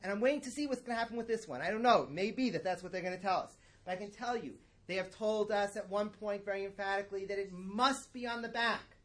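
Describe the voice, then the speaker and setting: A man's voice: sits high, quick pace, hardly any pauses, a bit bright. Chatty, emphatic middle-aged male teacher. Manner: conversational, digressive, emphatic. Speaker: religious teacher. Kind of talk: lecture-style lesson.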